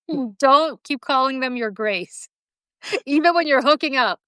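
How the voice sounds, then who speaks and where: A woman in her fifties, a podcast guest, teasing and laughing often in animated casual chat. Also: high-pitched, unhurried, no room sound.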